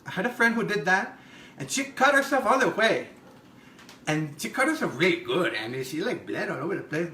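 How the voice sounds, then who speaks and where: A man puts on a gossipy middle-aged home cook, her voice pitched up and swinging wildly between squeals and low mutters. She chats crudely while demonstrating a recipe, and her voice rings bright and sharp. The sound bounces around an echoey kitchen. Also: a little hiss or hum, exaggerated voice. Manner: gossipy, chatty, crude asides, giggly. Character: brassy middle-aged Mexican-American woman home cook. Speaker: cooking show host. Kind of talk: comedic cooking demonstration.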